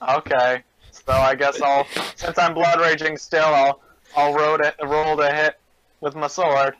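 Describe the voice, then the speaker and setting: A man's voice: fairly high pitch, level tone, a little slow, muffled recording. A man playing in a tabletop game over an online call, talking casually and hesitantly, often restarting. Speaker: player. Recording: loud background noise on the call.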